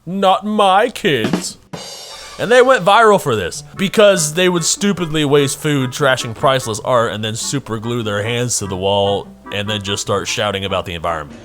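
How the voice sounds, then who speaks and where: A man's voice: medium pitch, brisk, hardly any pauses, fairly bright tone, soft background music. A man hosting a video essay from his room, talking in a sarcastic, opinionated way. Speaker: YouTube host.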